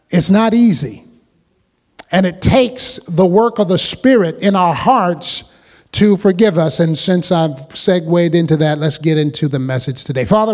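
A man preaches to his congregation with a high voice, regularly pausing to draw them into call-and-response. His words ring out with a long reverb around the church hall. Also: a little mellow. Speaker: pastor. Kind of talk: sermon.

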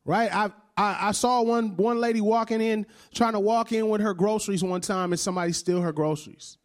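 A man's voice: sits high, brisk. A male preacher in his thirties giving a conversational sermon, often checking in with "right?" and laughing along with the congregation.

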